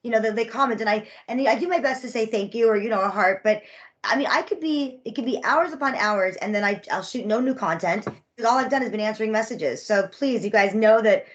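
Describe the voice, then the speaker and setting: Fast-talking woman on dull lo-fi audio. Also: on the high side. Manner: fast, rambling storyteller. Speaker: podcast guest. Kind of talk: casual chat.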